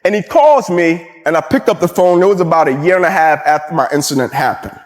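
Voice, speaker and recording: A man's voice: on the high side, fast talker, long reverb tail. Male former athlete, emphatic motivational storyteller.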